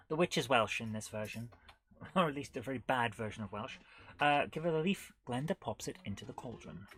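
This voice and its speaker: A woman's voice: rumbling low, lively intonation, fairly quick, a bit bright, soft background music. A woman in her forties hosting a live retro-gaming stream, chatty and giggly, commenting on the game and reading chat aloud.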